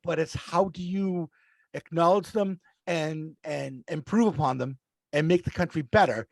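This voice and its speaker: A man's voice: fairly high pitch, measured pace, vocal fry, no echo. A man appearing as a podcast guest, speaking earnestly and thoughtfully, repeating words as he works through his point. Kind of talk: casual chat.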